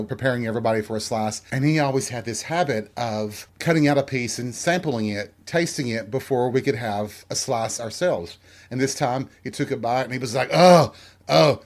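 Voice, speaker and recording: A man from Tennessee hosting a candid solo podcast, frank and self-deprecating, with a rambling delivery. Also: mid-range voice. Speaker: podcast host.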